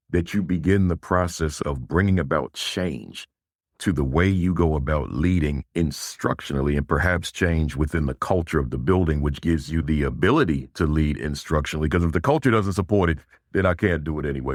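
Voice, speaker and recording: A middle-aged man speaking as an interview guest and school leadership speaker, emphatic and rising in pitch on key words. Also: dry recording, clean studio sound. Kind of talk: interview answers.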